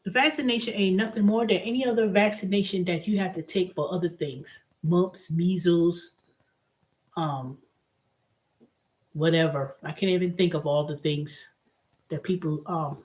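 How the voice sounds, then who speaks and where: A woman's voice: on the low side, steady tone, normal speed, darkish tone. A woman hosting her own vlog, talking casually and bluntly with strong emphasis, moving from exasperation to delight. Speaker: vlog host. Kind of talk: casual solo rant.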